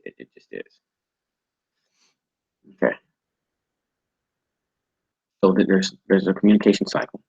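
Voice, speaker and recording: A man teaching an online training class over a video call, halting and often repeating words as he restarts his sentences. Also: sits low, lively intonation, creaky, darkish tone, slightly rough, no room sound, dull audio. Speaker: instructor.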